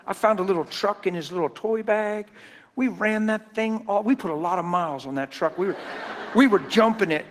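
A man preaching a sermon through folksy, animated personal stories. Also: high voice, brisk, slight background noise. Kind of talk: storytelling sermon.

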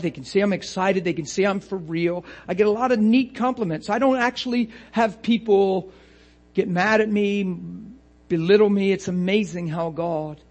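A man preaching a lively sermon, laughing often and acting out little voices to make his points. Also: sits high.

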